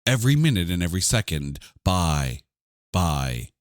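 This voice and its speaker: A man putting on a halting, grandly dramatic reciter. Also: low voice, very animated, no echo, studio quality, pitched below the performer's own voice. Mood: mock dramatic.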